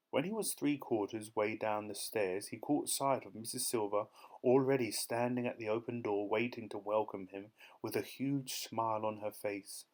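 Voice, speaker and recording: A male audiobook narrator reading a children's story in a lively, expressive way. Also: lowish voice, normal speed.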